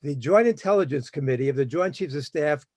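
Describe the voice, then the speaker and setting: A man recounting history as a speaker at a public talk, his voice sitting a little high. He tells it like a story, brisk and full of small restarts and fillers. The sound is dry and close. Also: lively intonation, darkish tone, no echo.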